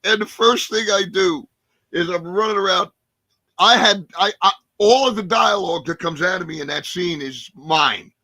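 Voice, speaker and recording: Animated, cursing man in his sixties. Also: high-pitched, moderate pace, no echo. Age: 60s. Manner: animated, profane, acts out scenes. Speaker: actor and guest. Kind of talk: casual storytelling interview.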